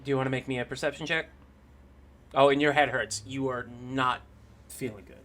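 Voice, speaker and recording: A man narrating as game master of a tabletop role-playing game, loose and casual with fillers, breaking into loud bursts for figures. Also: mid-range voice, steady tone, brisk. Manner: loose, laughing, with fillers and shouted bits for figures.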